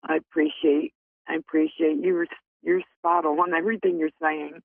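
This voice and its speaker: Gravelly-voiced grateful woman caller. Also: deep voice, flat delivery, normal speed, dry recording. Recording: tinny phone line.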